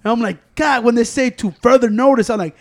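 A man's voice: extremely high pitch, brisk. A man co-hosting a podcast, boastful and joking, swearing heavily in casual chat. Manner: boastful, joking, heavy swearing, loud outbursts. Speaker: podcast co-host. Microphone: podcast microphone.

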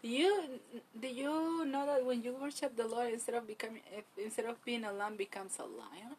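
A middle-aged woman, a guest on her children's podcast, talking in an earnest, preachy way with slow, deliberate phrasing. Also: on the high side, animated, darkish tone, a little hiss or hum, poor audio. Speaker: guest, the hosts' mother. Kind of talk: casual podcast chat.

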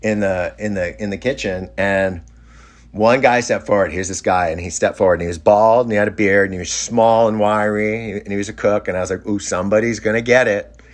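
A man's voice: on the low side, fairly even intonation, brisk. A middle-aged man telling a personal story in a casual, rambling way, often restarting his sentences and sounding amused. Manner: rambling, self-interrupting, amused. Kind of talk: casual anecdote.

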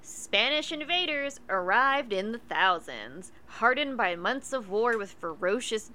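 A woman co-hosting a podcast, chatting casually and telling a story, animated and laughing often, swearing freely. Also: a little high, measured pace. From United States. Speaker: podcast co-host.

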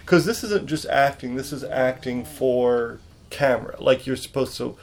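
A man's voice: mid-range voice, normal speed. A man chatting casually at home with his child, asking questions and encouraging her to tell her stories. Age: adult. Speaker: parent co-host talking with his child. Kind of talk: casual family chat. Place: home during a thunderstorm.

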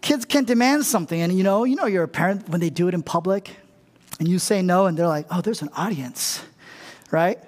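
High-voiced male pastor, chatty sermon. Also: quick pace, darkish tone, in a large hall. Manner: casual and humorous, often asks the crowd "right?". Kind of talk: conversational sermon.

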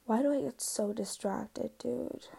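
A young woman hosting a podcast, telling a rambling story in a casual, animated way with lots of filler words. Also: on the high side, unhurried, creaky, husky, dry recording. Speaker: podcast host.

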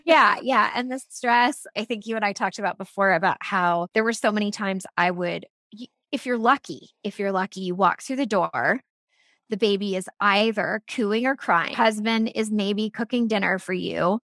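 Brief: middle-aged woman, chatty storyteller, mid pitch, very dry close recording. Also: normal speed, fairly bright tone, no room sound. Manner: chatty storytelling with laughs and restarts. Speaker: guest, product founder. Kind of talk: casual interview chat.

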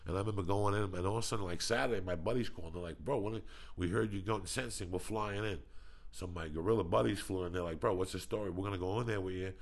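Speaking fast in a voice that sits low, this male podcast host chats casually, spinning stories with blunt, profane frankness.

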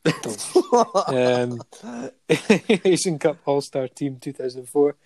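Mellow-voiced man reading a stats list. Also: mid-range voice, slow, no room sound. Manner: listing facts steadily with many ums and chuckles. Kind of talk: casual chat, reading out a football player's honours.

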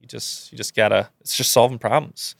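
Male co-host, gravelly, easygoing and teasing, dry close sound. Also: medium pitch, fairly even intonation, a little fast, no echo. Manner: laid-back, teasing. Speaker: podcast co-host. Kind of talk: casual chat.

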